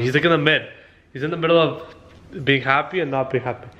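A young man vlogging casually, excitable and swearing, switching to high baby talk with his dogs. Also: fast talker. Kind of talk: casual vlog talking to viewers and dogs.

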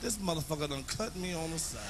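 A man telling profane stand-up comedy stories to a live audience, often shouting. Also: fairly high pitch, animated, quick pace, background noise.

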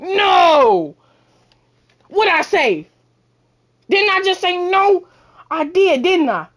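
Woman gamer bragging loud, slow drawn-out talk, very high pitched. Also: expressive. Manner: boastful trash talk, shouting often. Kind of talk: live gameplay commentary.

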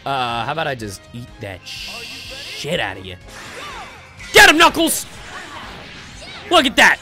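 A young man giving excited gameplay commentary, yelling and trash-talking his opponent as he plays a fighting game. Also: medium pitch, moderate pace, over music. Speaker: gaming YouTuber playing a fighting game.

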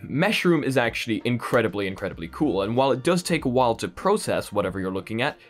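A man's voice: mid-range voice, sing-song, quick pace. A man from Poland with an Irish accent, hosting a tech vlog in an enthusiastic, playful way and talking straight to his viewers. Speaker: tech channel host.

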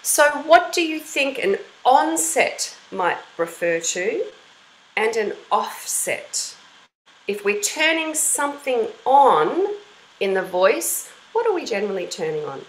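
A woman's voice: on the high side, big pitch swings, takes it slowly, reverberant, a little hiss or hum, poor audio. A woman from Australia teaching an online voice class for kids in an encouraging, storytelling manner. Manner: bright, encouraging teacher voice, storytelling with sung-out examples.

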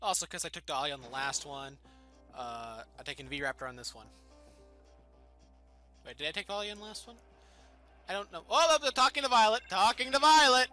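A man giving excitable, goofy gameplay commentary as a let's play host, with faint game music behind. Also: sits high, a little fast, long pauses. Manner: excitable, goofy, exclaims loudly.

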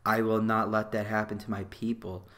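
A man voicing a mocking impression of a smug young queen, speaking in a low, monotone, sleepy drawl. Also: moderate pace, close to an everyday voice. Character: flat, smug young queen impersonator, mocked.

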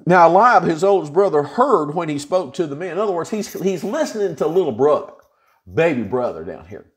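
A male pastor leads an informal Bible study, paraphrasing scripture in a folksy, everyday manner. His voice sits fairly high for a man and swoops up and down with lively expression. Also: fairly quick. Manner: folksy, animated retelling with plain-spoken paraphrases.

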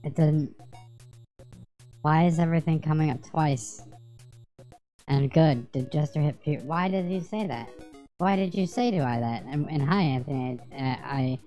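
A woman's voice: low-pitched, a little mellow, lo-fi sound. A woman streaming a retro game, rambling, swearing and joking with her chat as she plays. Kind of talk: casual livestream gameplay commentary.

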